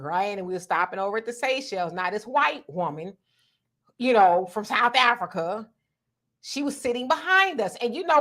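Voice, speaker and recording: A woman's voice: fairly high pitch, pushed and bright. A woman hosting a live talk stream, telling stories with a lot of energy, laughing often and reading viewer comments aloud.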